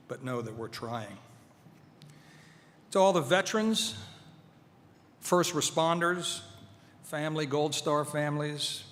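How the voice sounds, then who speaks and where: A man giving a formal speech to an audience at a veterans' event, measured and earnest, with touches of light humor. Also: mid-range voice, a bit bright, slight background noise. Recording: hall reverb, faint ambience.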